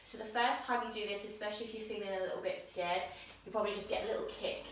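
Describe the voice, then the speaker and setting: A woman's voice: medium pitch, fast talker, slight background noise. Breathless woman guiding yoga in an echoey room. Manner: calm, guiding cues while demonstrating. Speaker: yoga teacher. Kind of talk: instructional yoga class. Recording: very echoey room, mic at a distance.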